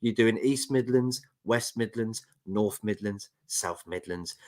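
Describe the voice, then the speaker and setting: A man's voice: fairly low pitch, a little slow, darkish tone. A man with a London accent co-hosting a casual football chat show, bantering and reading out viewer comments. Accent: London English. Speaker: football podcast co-host.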